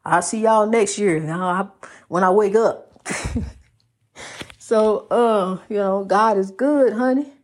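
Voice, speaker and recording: A woman's voice: medium pitch, slow, long pauses. A woman giving a rhythmic, preachy monologue, repeating her phrases and calling the listener honey. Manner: lively, swings between loud and soft.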